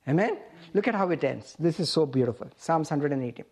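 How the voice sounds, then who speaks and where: A woman's voice: low-pitched, lively intonation, brisk, a little mellow, slightly rough. A woman preaching a sermon, reading scripture aloud and asking the congregation questions.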